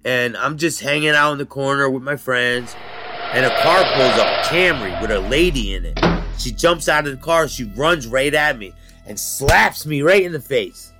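A man bluntly recounting his rough youth in an interview, talking in street slang and swearing freely. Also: mid-range voice, animated, normal speed, loud music behind the voice. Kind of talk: candid life-story interview.

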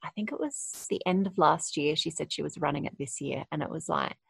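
Gravelly-voiced woman, candid and reflective. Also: deep voice, fairly quick, no echo. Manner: candid, reflective, laughs often. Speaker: podcast guest, coach. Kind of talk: casual conversation.

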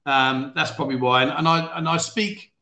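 A man's voice: a little high, fairly even intonation, normal speed, sharp tone, roomy sound. A man from London with a faded London accent, hosting a casual livestream chat show, reading viewer comments and joking about himself. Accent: London English, faded. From England. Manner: chatty, self-deprecating, laughs often, mock-outraged bursts. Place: living in Thailand.

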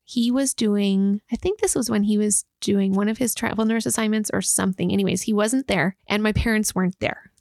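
A woman's voice: medium pitch, a little fast, gravelly, few pauses, no room sound, studio quality. A woman in her thirties co-hosting a podcast, telling stories in a casual chat with dramatic gasps and acted-out thoughts. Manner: animated, dramatic retelling with gasps and quoted thoughts. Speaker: podcast co-host.

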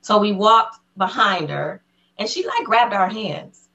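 A woman guest on an interview podcast, excitedly telling a personal story in casual conversation. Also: medium pitch, unhurried, highs cut off. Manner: excited storyteller who acts out the voices of people in her story.

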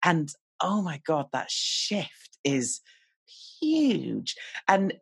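A woman's voice: low voice, huge pitch swings, drawn-out words, vocal fry, slightly rough, dry recording. A woman in her forties, chatting candidly on a podcast, talking about herself with self-deprecating humor. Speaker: podcast guest. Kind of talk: casual conversation.

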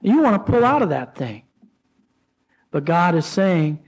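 A man preaching a sermon to his church, with rising emotional pleas and dramatic pauses. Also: sits high, big pitch swings, breathy edge, rough recording. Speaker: pastor.

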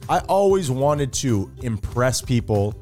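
A man's voice: mid-range voice, unhurried, soft background music. A man co-hosting a podcast, chatting casually and joking crudely while he tells stories. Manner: joking, crude, animated storytelling. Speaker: podcast co-host. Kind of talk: casual comedic chat.

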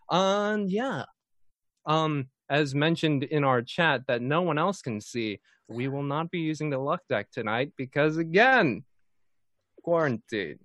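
A man's voice: on the high side, a bit bright, dry recording, clean studio sound. A man hosting and running a tabletop game stream in a casual, jokey, playful way. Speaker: dungeon master and host. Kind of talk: casual live-stream chat.

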